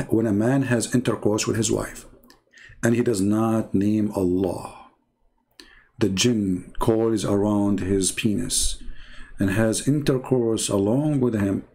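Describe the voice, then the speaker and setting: Incredulous, mocking man with a husky voice. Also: fairly low pitch, slow pace, mellow. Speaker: religious debater. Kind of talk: mocking commentary.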